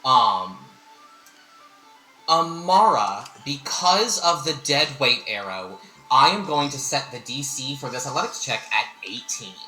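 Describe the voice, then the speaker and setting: A man's voice: medium pitch, big pitch swings, measured pace, sharp tone, soft background music. A man narrating a tabletop game as game master, hesitating with frequent ums. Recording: echoey room.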